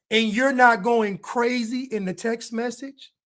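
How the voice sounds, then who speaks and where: A man's voice: extremely high pitch, unhurried. A man giving video commentary, hammering points with repeated rhetorical questions. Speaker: online commentator.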